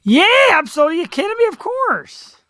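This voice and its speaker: A man's voice: very high voice, brisk, dry recording. A man hosting a talk show, telling stories and acting out tough-guy voices. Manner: animated storyteller who acts out tough-guy voices. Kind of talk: casual chat, storytelling.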